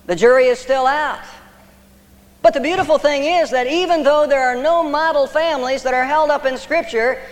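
A man preaching a sermon as pastor, emphatic, with pauses for effect. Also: extremely high pitch, big-room sound.

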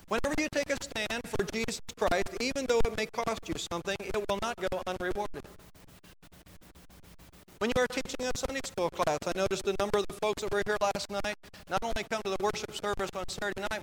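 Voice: mid-range voice, low-quality recording. Pastor, sermon, earnest, repetitive emphasis, music playing behind. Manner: earnest, repeating phrases for emphasis.

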